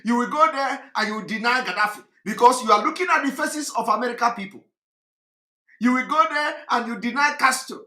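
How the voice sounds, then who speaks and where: A high-pitched man delivers heated political commentary in a repetitive, fervent style. His bright, forceful voice swells into shouts. The echoey room gives it a hollow ring. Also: fairly quick.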